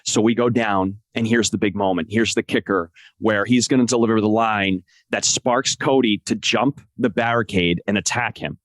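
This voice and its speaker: A man as a podcast guest, telling an excited, emotional story and acting out what people said. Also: moderate pace, few pauses, no room sound. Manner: acts out quotes with big pitch jumps. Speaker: podcast guest, wrestling translator. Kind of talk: animated storytelling in conversation.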